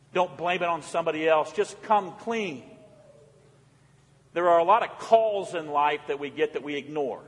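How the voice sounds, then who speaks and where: High-voiced preacher in an echoing church. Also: male voice. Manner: impassioned, swinging from loud calls to hushed pleas. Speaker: pastor. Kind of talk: sermon.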